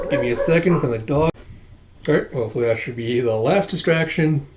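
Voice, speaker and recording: Man, casual comic readthrough, loose retelling, many fillers, mellow tone, echoey room. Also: medium pitch, fairly quick, slight background noise. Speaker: comic reader.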